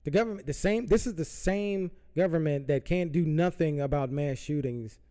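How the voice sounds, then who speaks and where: A man's voice: on the high side, moderate pace, dark tone. A man hosting a podcast, ranting heatedly about politics with lots of profanity and repetition. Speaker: podcast host. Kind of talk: political rant. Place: Southern California.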